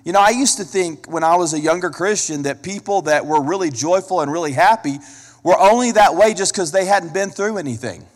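A man's voice: high voice, a little fast. A man preaching a sermon as a pastor, emphatic, repeating key phrases and asking the listeners direct questions. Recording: long hall reverb.

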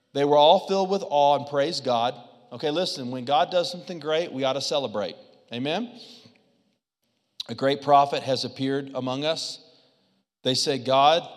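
A man preaching a sermon as pastor, telling stories with humor in an animated, conversational way. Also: mid-range voice, long reverb tail. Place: church sanctuary.

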